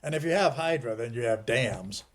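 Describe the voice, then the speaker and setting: A middle-aged man being interviewed rambles casually and digresses, with many restarts, plenty of "you know", and wry chuckles at grim details. His medium-pitched voice moves at a moderate pace with lively intonation.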